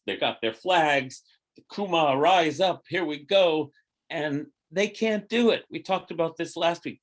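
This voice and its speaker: A middle-aged rabbi teaching an informal Torah class, telling the story with lively, acted-out quotes. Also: male voice, mid-range voice. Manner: animated storyteller, acting out quotes in lively voices.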